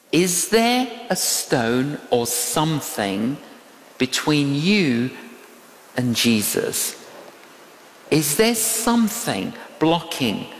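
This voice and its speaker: A man preaching a sermon, telling stories in an animated way that swings from hushed to loud. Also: a little high, a little hiss or hum. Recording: echoey hall with long reverb.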